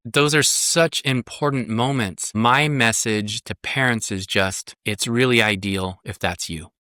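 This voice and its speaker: A man's voice: fairly low pitch, bright, forceful tone, dry recording, clean studio sound. A man, a psychotherapist and parenting coach, speaking as a podcast guest in an earnest, emphatic way that repeats key points. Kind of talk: podcast interview.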